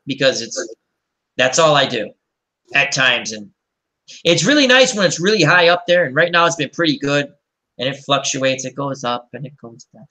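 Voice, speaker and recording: A man's voice: a little high, bright, forceful tone. A man hosting a casual chat and telling rambling, anecdotal stories. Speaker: host.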